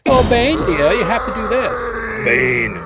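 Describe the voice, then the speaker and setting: A man putting on a mocking impression of a sultry woman villain cooing at her hulking henchman, in a sing-song, drawn-out way. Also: extremely high pitch, expressive, very noisy, pitched above the performer's own voice.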